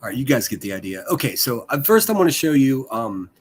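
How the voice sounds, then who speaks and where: A man's voice: mid-range voice, very animated, fast talker, slightly rough. A man chatting casually on a live stream, rambling and swearing, full of fillers and restarts. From Pittsburgh area.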